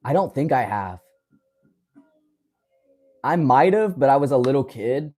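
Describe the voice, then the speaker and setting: A man in his twenties from West Virginia, casually reading and answering viewer comments on his livestream, friendly and quick to laugh. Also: mid-range voice, lively intonation, a little mellow. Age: 20s. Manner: friendly, calls viewers brother, laughs often. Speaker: livestream host.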